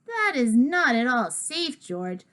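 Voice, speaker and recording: A woman's voice: a little high, sing-song, slow pace, a bit bright, full character voice. A woman doing a firm storybook schoolteacher.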